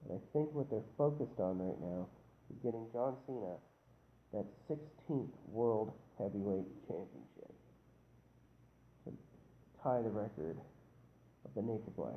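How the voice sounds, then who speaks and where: A man's voice: lowish voice, expressive, a little slow, pauses often. A man getting over a cold, casually rambling through a wrestling review and often correcting himself. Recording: tinny phone-like lo-fi audio, faint hiss.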